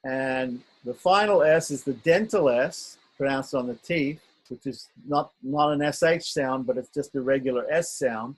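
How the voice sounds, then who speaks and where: A man's voice: mid-range voice, breathy edge, poor audio. A man teaching an online script lesson, patiently sounding out letters and often checking in with his students.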